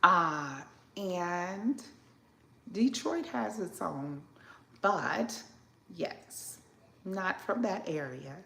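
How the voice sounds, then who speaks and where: Slow, gravelly woman chatting on a live stream. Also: lowish voice, animated, a bit bright, reverberant. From southern Illinois, Midwest. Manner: unhurried, chatty, answers viewers with frequent fillers. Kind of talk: casual live-stream chat reading viewer comments. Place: home kitchen.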